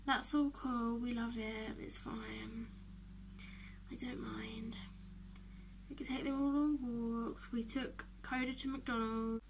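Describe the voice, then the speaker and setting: Brief: high-pitched young woman, gaming vlogger, excitable chatter with whispered asides. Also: measured pace, few pauses, a little hiss or hum. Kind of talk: casual game commentary.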